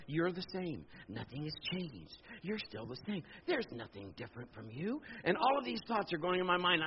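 A man in his fifties preaching a sermon, telling a personal story in an animated, jokey way and acting out the voices. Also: sits high, a little hiss or hum. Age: 50s. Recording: dull lo-fi sound.

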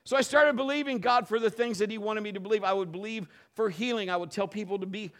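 A middle-aged male pastor delivering a sermon in a somewhat high voice. He tells homespun stories full of restarts and builds from low, quiet teaching to loud, high-pitched preaching. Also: fairly even intonation, quick pace. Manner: folksy storytelling with many restarts.

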